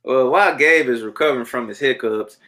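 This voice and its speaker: A man co-hosting a sports betting podcast in casual chat, animated and repeating words for emphasis. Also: medium pitch, brisk.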